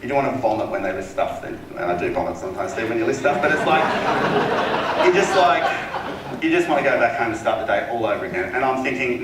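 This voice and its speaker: A man telling a casual, animated sales story at a seminar, acting out the voices of the people in it. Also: medium pitch, quick pace, noisy background. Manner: casual, animated anecdote-telling with acted quotes. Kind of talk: storytelling talk to an audience. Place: seminar room. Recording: echoey hall, mic at a distance.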